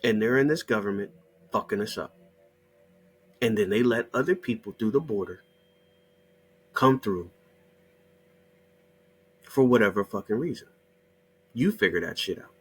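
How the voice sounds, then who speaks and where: A man's voice: fairly low pitch, expressive, unhurried, pauses often, a little hiss or hum. A middle-aged man delivering a heated, mocking monologue full of swearing. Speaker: channel host. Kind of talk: profane ranting monologue.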